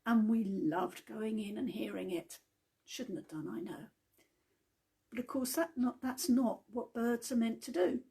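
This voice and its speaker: Woman, devotional talk, chatty storytelling, slow, husky, gravelly. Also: a little high, mellow.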